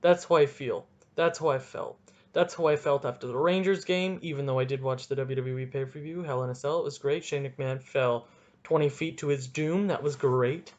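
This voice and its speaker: A man's voice: medium pitch, steady tone, moderate pace, muffled recording. A young man hosting a solo podcast, ranting and rambling with goofy, self-mocking asides. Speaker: podcast host.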